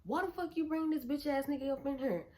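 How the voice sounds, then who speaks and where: Woman quoting her furious brother, aggressive and profane, storytime vlog, a touch high. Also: quick pace, dark tone, natural voice. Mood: angry. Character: angry protective older brother, young man.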